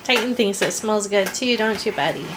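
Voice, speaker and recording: A woman's voice: mid-range voice, moderate pace. A woman hosting a home baking channel, chatting casually in her kitchen and laughing often. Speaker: home baker, channel host. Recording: noisy home recording.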